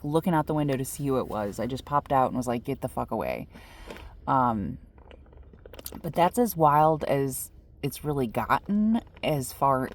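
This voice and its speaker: Low-voiced woman telling a story from her car. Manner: animated storyteller, lots of "like" and "you know". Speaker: vlogger living in her car. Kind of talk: casual storytelling to camera. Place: inside a car.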